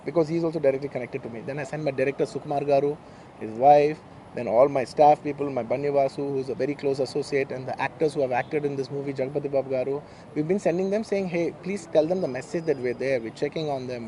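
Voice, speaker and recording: Brief: man, Indian English accent, Telugu native, emotional press-meet statement, rapid and a touch high, mellow tone. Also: slight background noise. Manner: emotional, earnest, repeats himself. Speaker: film actor at a press meet.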